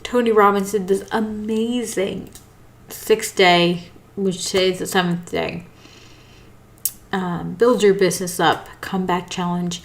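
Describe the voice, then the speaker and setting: A woman's voice: medium pitch, steady tone, unhurried. A woman hosting a casual live talk, tired and yawning, apologetic and rambling. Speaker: host.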